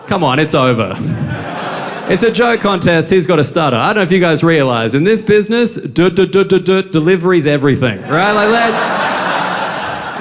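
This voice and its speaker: Aussie stand-up guy, swears a lot, deadpan, voice sits a bit high, live crowd noise behind. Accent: Australian. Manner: brash, profane, deadpan storytelling with quick asides. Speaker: stand-up comedian. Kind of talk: stand-up comedy set. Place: comedy stage with live audience laughing. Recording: live show with audience noise.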